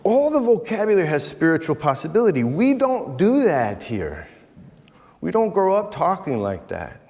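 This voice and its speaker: A man's voice: a little high, sing-song, moderate pace, darkish tone, husky. A middle-aged man giving an emphatic talk to a men's retreat in a church, speaking straight to his audience. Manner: emphatic, addresses audience directly, acts out quoted voices. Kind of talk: animated inspirational talk. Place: large church hall. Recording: live talk in a reverberant hall.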